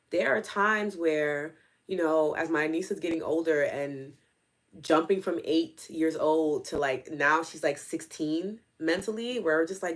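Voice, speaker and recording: A woman coach hosting a live session, answering viewer comments by name in a casual, conversational way full of fillers. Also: on the low side. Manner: conversational, with many fillers like "like" and "you know"; speaks directly to viewers by name.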